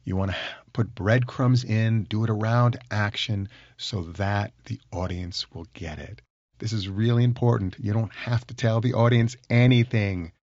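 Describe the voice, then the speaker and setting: A man's voice: lowish voice, fairly even intonation, normal speed, darkish tone, dry recording, muffled recording. A man hosting a solo podcast, teaching in an enthusiastic, emphatic way and repeating his key points. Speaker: podcast host.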